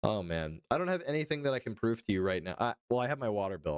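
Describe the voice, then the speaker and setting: A man's voice: fairly low pitch, sing-song, brisk, clear, resonant tone, no echo, studio quality. A man from the United States chatting casually on a live stream, joking with a lot of swearing and answering his chat.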